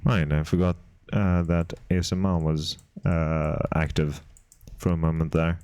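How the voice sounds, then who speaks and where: A man's voice: a bass voice, level tone, measured pace, darkish tone, clean tone, dry recording. A man streaming while he works, chatting casually with his viewers in a playful, dry, teasing way and chuckling now and then. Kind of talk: casual live-stream chat while working.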